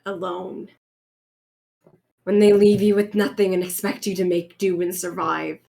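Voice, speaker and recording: A woman voicing an unsure young woman searching for who she is, who speaks hesitantly and with pauses. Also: fairly low pitch, fairly even intonation, creaky, warm tone.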